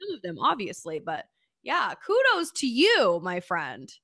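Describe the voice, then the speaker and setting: Comedian woman on a podcast, lively bouncy pitch, swears a lot, dry close sound. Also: a little slow, creaky, no room sound. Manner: brash, swears, playful. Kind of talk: casual comedy chat.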